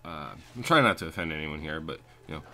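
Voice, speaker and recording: Low-voiced man, ranting and profane. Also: very animated, quick pace, pushed and bright. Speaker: landscaping crew leader. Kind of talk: casual storytelling over gameplay.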